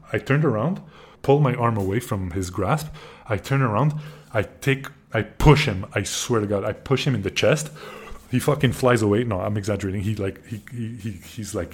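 A man with a low-leaning, slightly breathy voice hosts a podcast, casually recounting a story full of profanity. As he gets worked up, he keeps restarting his sentences.

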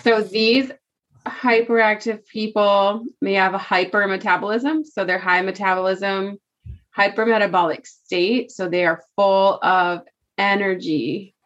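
A woman co-hosts a podcast, chatting casually, thinking aloud and laughing easily as she talks freely. Her medium-pitched voice is slow, a bit bright and fairly even in intonation, with slightly dull lo-fi sound.

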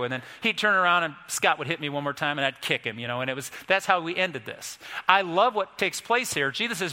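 A male pastor preaching a sermon, emphatic and storytelling, building to forceful peaks. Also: a little high, animated, a little fast, few pauses. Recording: long hall reverb.

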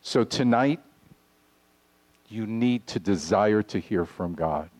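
Slow, low-voiced male preacher. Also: darkish tone. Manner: earnest, deliberate preaching with scripture readings. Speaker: pastor. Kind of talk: sermon. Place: congregation hall.

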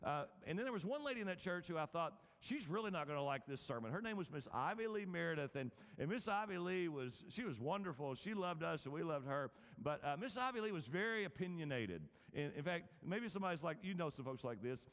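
A man's voice: a little high, lively intonation, a little fast, few pauses, fairly bright tone. A man preaching a sermon to a congregation, telling homespun stories with easy humor and chuckling at his own anecdotes. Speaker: pastor. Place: church or large hall with an audience. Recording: long hall reverb.

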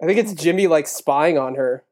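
Low-voiced woman reading fanfic dryly. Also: normal speed, a little mellow. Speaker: podcast co-host. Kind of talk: comedic dramatic reading of fan fiction.

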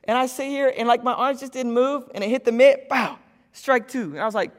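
Young guy preaching in a church hall, kinda high voice, goes loud then quiet, echoey. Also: animated, quick pace. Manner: storytelling, swings from loud urgency to hushed intimacy. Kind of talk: sermon. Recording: hall reverb.

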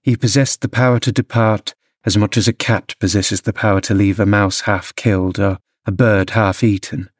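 A man narrating a classic novel as an audiobook, measured storytelling delivery. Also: lowish voice, steady tone, no echo, studio quality. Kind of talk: scripted narration.

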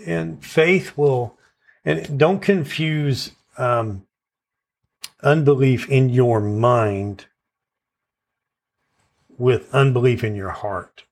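Earnest male preacher, mid-pitched voice, teaching style with frequent check-ins. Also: gravelly. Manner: earnest, repeats "okay?" to check in with listeners; stresses verse words in turn as he recites. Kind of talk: sermon.

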